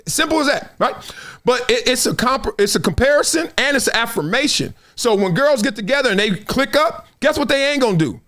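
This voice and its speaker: A man hosting a live sports talk stream, riffing in loose slang and breaking into laughs. His voice sits fairly high for a man and swings widely in pitch as he rants. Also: brisk. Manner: animated, slangy, laughs often. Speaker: sports talk show host. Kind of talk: opinionated live sports commentary.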